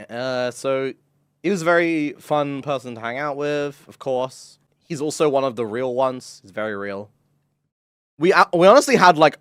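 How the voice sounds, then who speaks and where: A man's voice: medium pitch, fairly bright tone, dry recording, clean studio sound. A man telling a story on a live stream in casual chat, swearing, laughing and full of fillers.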